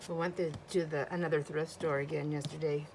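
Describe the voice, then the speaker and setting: A woman's voice: sits low, flat delivery, fairly quick, very noisy. A middle-aged woman hosting a casual crafting video, chatting and rambling with plenty of fillers as she works. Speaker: craft channel host. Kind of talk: casual crafting tutorial chat.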